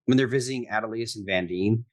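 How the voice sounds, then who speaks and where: A man co-hosting a podcast in casual chat, relaxed as he explains details from the books. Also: on the low side, fast, dry recording. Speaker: podcast co-host.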